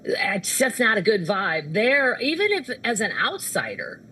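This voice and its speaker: A woman's voice: medium pitch, big pitch swings, bright, forceful tone, slightly rough, low-quality recording. Woman comedian telling rambling stories. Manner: rambling storyteller, quick asides. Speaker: guest comedian. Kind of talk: casual chat.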